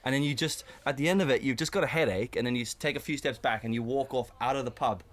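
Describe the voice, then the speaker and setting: A man's voice: mid-range voice, fast. A man co-hosting a casual podcast chat, swearing freely and acting out little scenes as he talks. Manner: swearing, animated storytelling with acted-out voices. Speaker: podcast co-host.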